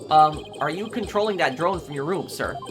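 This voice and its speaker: A woman's voice: deep voice, animated, normal speed, over music. A woman voicing an earnest young male rookie lawyer who answers in a hesitant, polite way. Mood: nervous.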